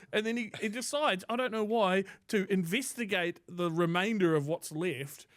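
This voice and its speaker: A New man co-hosting a casual podcast, his voice sitting high for a man. He tells crude stories with plenty of swearing and acts out the other people's lines as he goes. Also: normal speed, hardly any pauses. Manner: crude, animated storyteller who acts out quotes. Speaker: podcast co-host. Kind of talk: casual storytelling chat.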